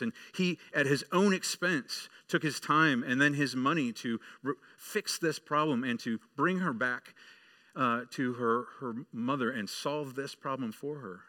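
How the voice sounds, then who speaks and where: Bright-voiced preaching man. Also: mid-range voice. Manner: addresses children directly, builds to emphatic preaching. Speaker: pastor. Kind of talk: sermon with storytelling.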